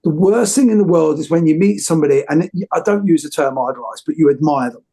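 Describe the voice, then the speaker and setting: A man's voice: fairly high pitch, quick pace, warm tone, husky. A man hosting an interview, talking effusively and rambling with many restarts. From United Kingdom. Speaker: host. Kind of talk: casual interview chat.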